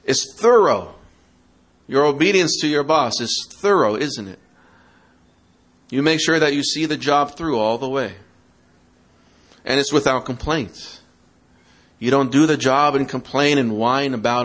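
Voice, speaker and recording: Preacher, male, mid-pitched, teaching parents, interactive, mocks excuses. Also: unhurried, a bit bright. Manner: interactive, asks the audience questions; acts out quoted excuses in a mocking tone. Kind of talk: sermon.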